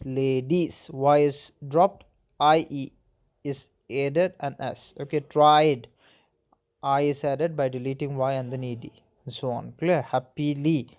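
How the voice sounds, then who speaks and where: Guy teaching spelling, kinda high voice, spells stuff out letter by letter, muffled lo-fi sound. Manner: spells words letter by letter, asks "okay?" and "clear?". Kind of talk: spelling lesson. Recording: dull lo-fi recording.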